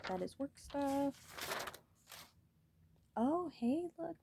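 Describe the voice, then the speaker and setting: A woman's voice: high-pitched, expressive, slow pace, long pauses, warm tone. A woman talking casually to her viewers in a rambling, earnest way, cursing freely as she shares spiritual thoughts. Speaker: vlogger.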